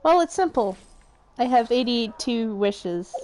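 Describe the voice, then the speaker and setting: A woman's voice: fairly high pitch, expressive, measured pace, darkish tone, a little hiss or hum. A young woman streaming a game, chatting casually, giggling and swearing freely. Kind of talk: casual live-stream chat.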